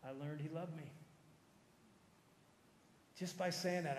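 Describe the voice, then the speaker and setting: High-voiced pastor in a reverberant hall. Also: male voice, fairly even intonation, slow pace, slight background noise. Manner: personal storytelling, swings from loud emphatic to soft and low. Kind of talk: sermon. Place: large church sanctuary.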